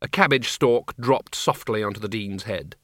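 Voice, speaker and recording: Bright-voiced male audiobook narrator. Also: lowish voice, moderate pace, no room sound, studio quality. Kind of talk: scripted narration.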